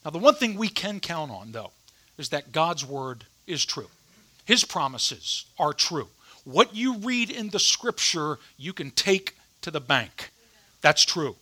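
A man preaching a sermon to his congregation in an animated, conversational way, mixing humor with scripture reading. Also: a little high, a little slow. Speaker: pastor.

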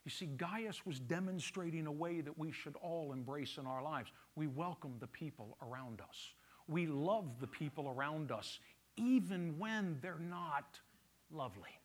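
A man preaches to his church, his voice sitting a bit high and swinging widely in pitch. He talks in a conversational, teasing way with the congregation, speaking into a stage mic. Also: fairly bright tone. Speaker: pastor. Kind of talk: sermon. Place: church sanctuary.

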